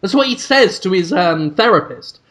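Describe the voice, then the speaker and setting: A man hosting a podcast, rambling through an absurd improvised comic story and bursting into loud put-on voices. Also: high-pitched, animated, moderate pace. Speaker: podcast host.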